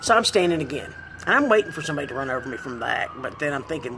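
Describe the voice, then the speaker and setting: A woman vlogger telling a comic personal story, animated and self-deprecating, laughing as she goes. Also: low-pitched, quick pace, background noise.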